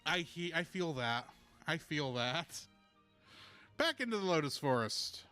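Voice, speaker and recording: A man's voice: a little high, sing-song, unhurried, sharp tone, soft background music. A man giving casual walkthrough commentary on a video game, explaining with lots of "uh" fillers and answering chat. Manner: chatty, explaining with many "uh" fillers; reads chat messages and replies.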